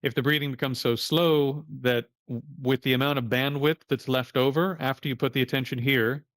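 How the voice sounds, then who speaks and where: A man's voice: medium pitch, fairly even intonation, normal speed, fairly bright tone, dry recording, clean studio sound. A man teaching a livestreamed meditation class in a casual, plain-spoken way, cursing now and then.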